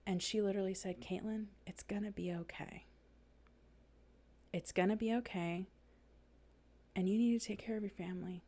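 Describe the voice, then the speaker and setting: A woman's voice: on the low side, a little mellow. A woman in her thirties co-hosting a podcast, talking casually with lots of "like" and laughing often while reassuring her friend. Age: 30s. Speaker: podcast co-host, color guard director. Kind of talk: casual chat.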